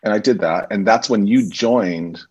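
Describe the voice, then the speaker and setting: A man, a stage actor and teacher, telling animated anecdotes as a podcast guest. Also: on the low side, moderate pace, husky. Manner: animated anecdotes, acts out quoted voices. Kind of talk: casual interview storytelling.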